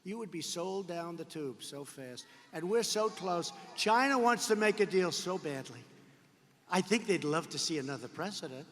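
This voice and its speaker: Speaking at a normal speed in an expressive, high and somewhat bright voice, a man gives a political rally speech that is emphatic and repetitive, with sarcastic asides, while long reverb from the large arena trails behind him.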